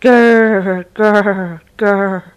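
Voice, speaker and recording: A woman voicing a big, grumpy dog in a read-along storybook, growling and gruff. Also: medium pitch, expressive, moderate pace, darkish tone, lightly acted.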